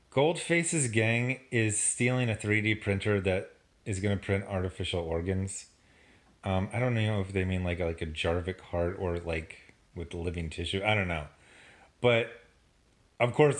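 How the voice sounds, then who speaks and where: A man giving a casual, sarcastic review of a TV episode, laughing often as he picks it apart. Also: mid-range voice. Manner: sarcastic, animated, laughs a lot. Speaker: TV show reviewer.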